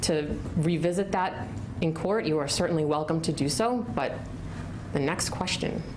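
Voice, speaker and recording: A woman objecting as an attorney in a deposition, firm, measured and procedural. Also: sits low. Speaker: attorney for the city. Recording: archive recording with clear background noise.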